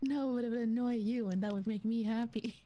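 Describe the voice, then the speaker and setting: A woman teases in a mock-sweet tone. Her voice sits somewhat high but sounds mellow and soft-edged. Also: steady tone, fairly quick, dull audio. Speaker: player.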